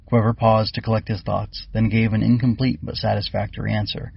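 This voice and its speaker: A man's voice: lowish voice, brisk, creaky, few pauses, husky, no echo, dull audio. Een man die een verhaal voorleest met een lage, krakerige stem en een wat hese klank. Hij leest rustig en gelijkmatig voor. De opname klinkt dof en droog, zonder galm. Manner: steady, plain reading. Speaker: author and audiobook narrator. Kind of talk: scripted storybook narration.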